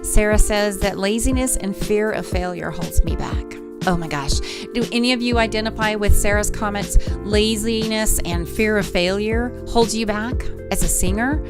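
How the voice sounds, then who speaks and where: A woman's voice: medium pitch, normal speed, over music. A woman vocal coach talking on a livestream, encouraging her viewers and reading their comments aloud. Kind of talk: live-stream coaching talk.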